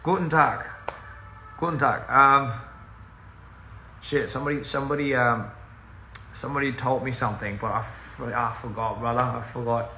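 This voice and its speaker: A man's voice: mid-range voice, fairly even intonation, normal speed, long pauses, bright, forceful tone, roomy sound, a little hiss or hum. A young man rambling through a casual live-stream chat from home, easily sidetracked and laughing often. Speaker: musician live-streaming to fans. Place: at home, indoors.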